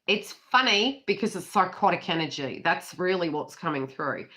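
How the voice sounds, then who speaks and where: A woman's voice: fairly low pitch, expressive, moderate pace, sharp tone. Chatty Australian woman tarot reader. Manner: chatty, giggly, swears freely. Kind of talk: casual tarot reading. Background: birds calling.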